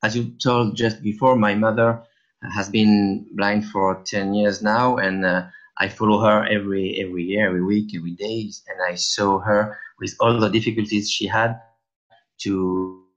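French guy, middle-aged, halting answers, deep-ish voice, dull audio. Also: flat delivery, fairly bright tone. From France. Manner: hesitant, halting. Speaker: guest. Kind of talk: interview answers.

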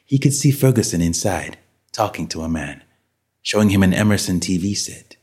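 A man reading a story aloud as narrator in a measured, dramatic way. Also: sits low, animated, darkish tone, breathy edge. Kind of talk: scripted audiobook narration.

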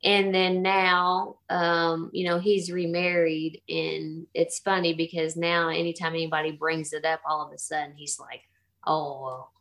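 Gravelly-voiced woman telling a ghost story. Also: lowish voice, normal speed, hardly any pauses. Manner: animated, acts out quoted voices. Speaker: guest telling a haunting story. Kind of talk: casual storytelling.

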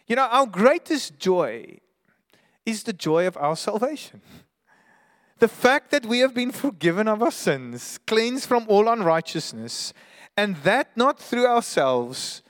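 A man's voice: high-pitched, fairly bright tone, in a large hall. A man preaching a sermon as pastor, earnest and emphatic, sometimes restarting his words.

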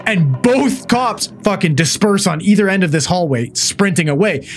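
A man's voice: high voice, moderate pace, faint music behind. A man, a paramedic, telling a wild call story in casual chat, swearing freely and acting out what everyone said. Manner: profane, animated storyteller who acts out what people said.

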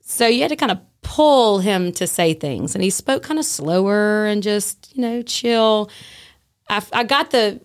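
A woman in the guest seat, telling a story in a chatty, lively way. She slips into the voices of the people she describes and keeps a casual, conversational flow. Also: medium pitch, unhurried. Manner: animated, acts out dialogue in her story. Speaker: guest, former prison staff.

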